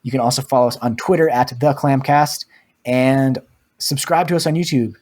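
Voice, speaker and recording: A man co-hosting a podcast, chatting in a relaxed, rambling way with lots of fillers. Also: mid-range voice, moderate pace. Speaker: podcast co-host. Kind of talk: casual podcast chat.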